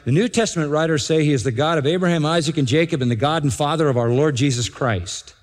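Man preaching in a reverberant hall. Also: fairly high pitch. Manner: emphatic, repeats key phrases, slows for stress. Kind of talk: expository sermon.

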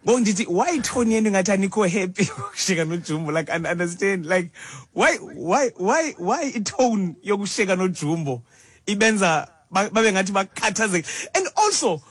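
A man hosting a casual radio chat, animated and teasing, often laughing. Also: high voice, a little fast, slightly rough. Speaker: radio host.

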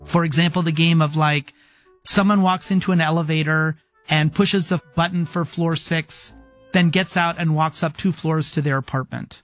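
A man's voice: on the high side, steady tone, normal speed, fairly bright tone, no room sound, muffled recording, faint music behind. A man, a game design professor, speaking thoughtfully and articulately in an interview. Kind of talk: interview conversation.

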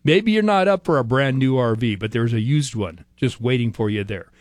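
A man's voice: mid-range voice, expressive, normal speed, no room sound, studio quality. A man hosting a weekend radio show, reading event plugs in a chatty, laid-back patter. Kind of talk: upbeat radio announcing. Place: radio studio. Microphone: close studio mic.

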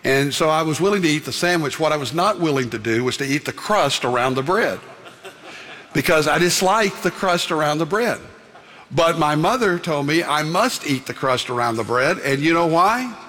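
A man's voice: a little high, expressive, normal speed, sharp tone. A man preaching a sermon, telling a personal story and then preaching emphatically. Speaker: pastor. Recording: long hall reverb.

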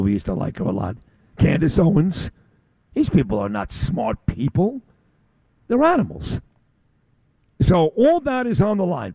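Combative talk radio host, lively pitch. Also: male voice, no echo. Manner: blunt, combative, insulting ranting. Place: broadcasting on location from a convention.

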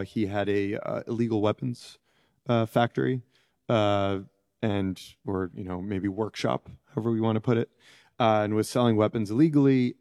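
A middle-aged man giving reflective interview answers, halting and searching for words as he goes. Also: lowish voice, warm tone, no echo, studio quality. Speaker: interview guest, former prisoner.

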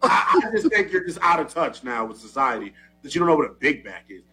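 A man co-hosting a talk show, teasing his co-host in casual banter and jumping up in pitch when he gets worked up. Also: fast talker, soft background music, low-quality recording. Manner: animated, teasing, swings up in pitch when excited.

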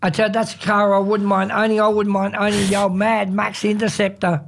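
A man's voice: high voice, monotone, a little fast, vocal fry, slight background noise. A man with an Australian accent hosting a casual afternoon radio show, laid-back and folksy, repeating himself. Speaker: radio host.

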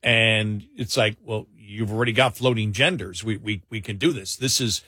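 A man co-hosting a talk radio show, giving opinionated commentary with chuckles and quick repeated asides. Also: on the low side, sharp tone, breathy edge, no echo, studio quality. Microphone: studio mic.

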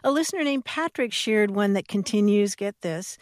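A woman co-hosting a radio show, explaining word histories in a lively way with frequent laughter. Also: mid-range voice, normal speed, few pauses, no echo, studio quality. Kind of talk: casual radio chat.

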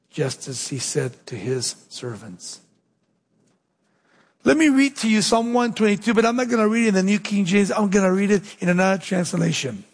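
A man with a high, husky voice preaches a sermon, pressing his points and sinking low and slow for weight. His voice rings out with the long echo of a large hall. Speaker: pastor.

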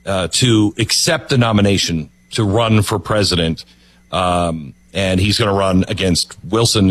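A man hosting a show, chatting and telling a story in a lively way. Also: fairly low pitch. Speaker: host. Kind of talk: casual chat.

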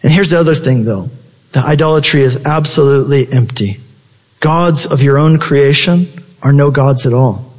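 A man's voice: normal speed, darkish tone, in a large hall. A man preaching a sermon with passion, his voice leaping up for emphasis. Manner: impassioned preaching with sudden high-pitched emphasis. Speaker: pastor.

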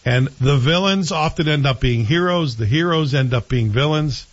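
A man's voice: fairly high pitch, lively intonation, normal speed, highs cut off. A man hosting a show, chatting casually and with strong opinions about a TV series he is watching. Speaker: show host. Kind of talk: casual TV review chat.

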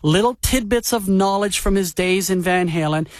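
A man's voice: high-pitched, moderate pace, no echo. A man hosting a retro music show in casual chat, enthusiastic and playfully teasing. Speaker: radio show host.

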